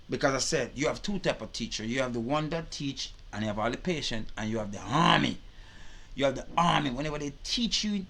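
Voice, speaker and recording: A man's voice: medium pitch, a bit bright. A man giving casual reaction commentary, swearing freely and repeating his points. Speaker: reaction video host.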